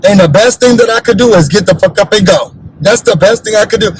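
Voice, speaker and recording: A man hosting a reality TV recap in an animated, blunt, sassy way, acting out what the cast said. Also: very high voice, fast talker, husky, rough recording. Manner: sassy, blunt, acts out quoted cast members.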